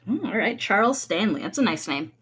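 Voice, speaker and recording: A woman co-hosting a podcast in playful, casual chat, her voice bright and a bit husky. She riffs on jokes with lively ups and downs in pitch. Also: a little fast. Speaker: podcast co-host.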